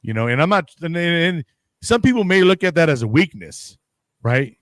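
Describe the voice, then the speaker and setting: A man's voice: on the high side, sing-song, normal speed, no room sound. A man co-hosting a casual podcast chat, talking in long rambling runs, swearing freely and acting out his own reactions. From United States. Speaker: podcast co-host.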